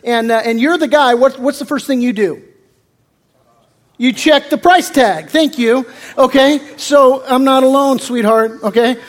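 A man's voice: very high-pitched, unhurried. A male pastor preaching a conversational sermon that mixes jokes into the teaching, talking with lots of fillers and restarts.

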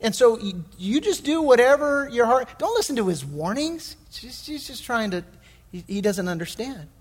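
A middle-aged man preaching a sermon as pastor, telling stories in a folksy, animated way with many restarts. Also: very high-pitched, normal speed, big-room sound. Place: church sanctuary.

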